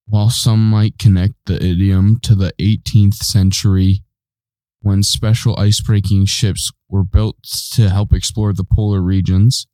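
A man's voice: on the low side, flat delivery, measured pace, mellow, no room sound. A man co-hosting a show who gives short, clipped answers and stumbles through his explanations. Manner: terse, hesitant replies. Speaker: co-host. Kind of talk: casual studio banter.

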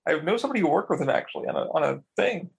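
Casting: young man, husky and gravelly, a bit high, casual gaming podcast co-host, animated. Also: very fast, rough recording. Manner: animated, swears a lot, acts out quotes. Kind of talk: casual chat about video games.

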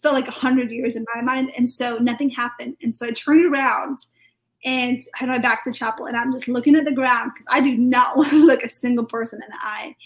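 Chatty British woman, higher voice. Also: a little fast, low-quality recording. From United Kingdom. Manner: chatty, lively storytelling full of fillers. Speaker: podcast guest. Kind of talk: telling a personal testimony.

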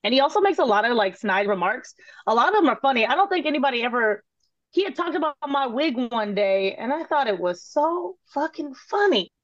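A fairly high-voiced woman tells stories as an interview guest, animated and often laughing, swearing freely and acting out what people said. The sound is dry and a little dull. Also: fairly quick, no room sound. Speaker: guest, former cooking show contestant. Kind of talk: casual storytelling interview.

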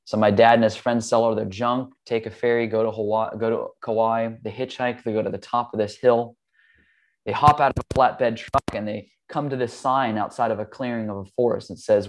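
Male guest, low-pitched, gravelly, earnest rambling storyteller. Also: normal speed. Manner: earnest, rambling, frequent ums. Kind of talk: casual storytelling.

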